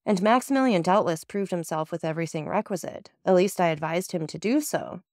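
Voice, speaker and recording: A composed, mysterious nobleman, read by a woman speaks in a courteous, measured way, with a persuasive calm. The audiobook recording is dry and close, with no room sound. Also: fairly low pitch, no echo, lightly acted.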